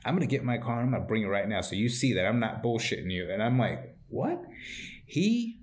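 A man's voice: lowish voice, fast. A man hosting a podcast, telling stories in a loose, casual chat, acting out other people's voices and swearing freely. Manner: animated storyteller, acts out quoted voices, swears freely; tags lines with "right?". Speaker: podcast host.

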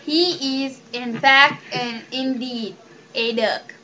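A woman hosting a silly comedy sketch in a deliberately fake accent, playful and breaking into loud scolding. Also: high voice, fairly even intonation, muffled recording, slight background noise. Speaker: comedy video host.

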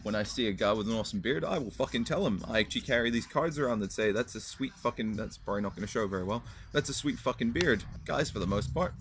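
A man's voice: fairly low pitch, expressive, fast, few pauses, fairly bright tone, a little hiss or hum. A young man hosting his own video channel, ranting bluntly and swearing freely as he answers a fan's question. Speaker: vlog host answering fan questions. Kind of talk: casual profane rant to camera.

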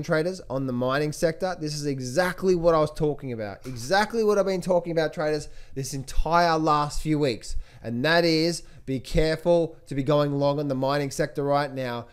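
A man hosting a stock market commentary, emphatic and repetitive, often restarting his sentences and calling out to his viewers. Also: fairly high pitch. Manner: emphatic, repeats phrases, keeps addressing viewers as traders and guys; restless with many restarts and fillers. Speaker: trading coach and channel host.

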